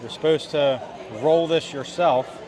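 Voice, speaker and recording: A man's voice: a little high, fairly even intonation, unhurried, darkish tone, some chatter behind. Man mock-sulking over festival food. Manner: dramatic, playful complaining. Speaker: vlog host. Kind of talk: casual food review vlog. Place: outdoors at a theme park festival.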